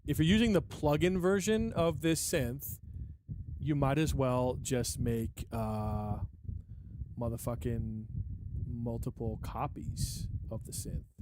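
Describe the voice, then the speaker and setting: A man's voice: mid-range voice, noisy background. A man rambling casually and profanely on a music live stream, joking at his own expense. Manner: rambling, profane, self-mocking.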